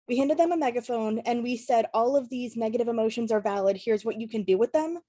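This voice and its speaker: A woman advocate speaks on a video call panel, her voice sitting a little high and sounding mellow. She rambles, restarts her sentences, laughs often and gets emotional as she talks. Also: fast talker, few pauses. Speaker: climate education advocate.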